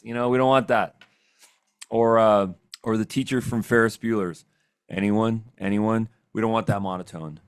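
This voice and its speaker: A man with a fairly low voice walks viewers through a software setup in a relaxed, chatty way, checking in often with a quick "okay?". His voice is recorded close and dry on a desk mic in a small, quiet room. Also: no room sound. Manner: chatty, upbeat, keeps adding "okay?". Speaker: software trainer. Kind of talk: casual screen-share tutorial. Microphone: desk microphone.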